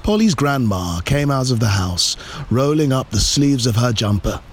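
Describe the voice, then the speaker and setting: A man reading a children's story aloud, slow and expressive, drawing out repeated words. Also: medium pitch, a little hiss or hum.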